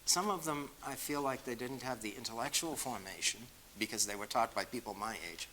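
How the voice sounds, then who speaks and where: A man's voice: mid-range voice, brisk, sharp tone, slight background noise, poor audio. A man with a Boston accent answering questions at a talk, speaking conversationally and with self-deprecating humor.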